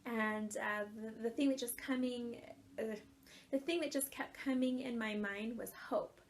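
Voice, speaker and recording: A woman in her thirties, an author and life coach, telling a personal story in an earnest, animated way and laughing often. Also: on the high side, a little slow, a little hiss or hum.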